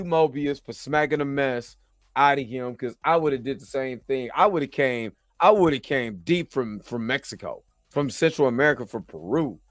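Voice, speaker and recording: Exhausted and yawning after a long work shift, a show host talks through a TV episode in a casual video review, loose and slangy, repeatedly checking in with viewers by asking "you know what I'm saying." His ordinary middle-pitched voice sounds close and dry, with no echo and faint music underneath.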